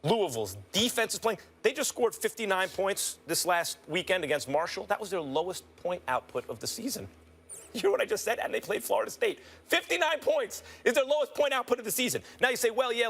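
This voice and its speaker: A man co-hosting a heated studio sports debate, insistent and quick with numbers. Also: high-pitched, fairly bright tone. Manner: fast, insistent, stat-heavy argument.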